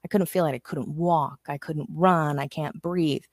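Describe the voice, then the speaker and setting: Brief: middle-aged woman, lowish pitch, dry close mic, frank chatty guest. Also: fairly even intonation, moderate pace, dry recording. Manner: candid, storytelling, self-interrupting. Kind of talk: casual chat.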